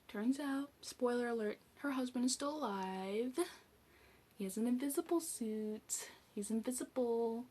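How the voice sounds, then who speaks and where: A woman's voice: on the high side, measured pace, dark tone, husky. A young woman reviewing a movie on her channel, retelling the plot in a loose, rambling way full of "like" and "um". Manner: rambling, chatty, heavy use of "like" and "um". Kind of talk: casual spoken movie recap.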